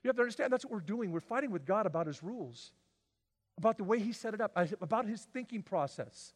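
A man preaching a sermon, swinging from loud, emphatic declarations to quiet, drawn-out lines. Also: sits high, lively intonation, in a large hall. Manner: dramatic swings from shouting to near-whisper. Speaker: pastor.

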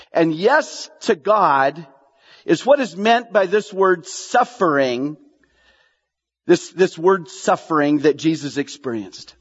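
A male pastor preaches in a high, lively voice with a breathy edge, its pitch swinging widely as he presses questions on the congregation and repeats lines for emphasis. The sermon sounds dull and lo-fi, with a long reverb trailing off the church walls.

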